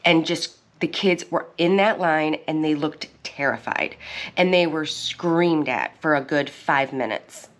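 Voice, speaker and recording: Woman, 30s, low voice, casual vlog host, rambling storyteller. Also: a little slow. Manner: rambling, chatty storytelling with restarts. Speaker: channel host. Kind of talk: casual chat.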